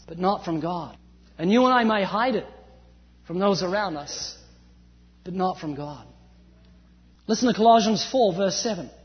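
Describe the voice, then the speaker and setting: A man from New Zealand with a faint New Zealand accent, preaching a sermon with animated emphasis that swings from loud to hushed. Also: extremely high pitch. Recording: dull sound with long hall reverb.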